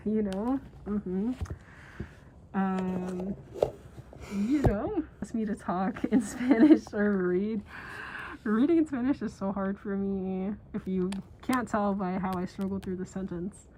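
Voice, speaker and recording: Slow, chatty young woman streamer. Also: medium pitch, mellow, a little hiss or hum. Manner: rambling, chatty and playful, with slang fillers. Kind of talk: casual livestream chat. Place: indoors while traveling.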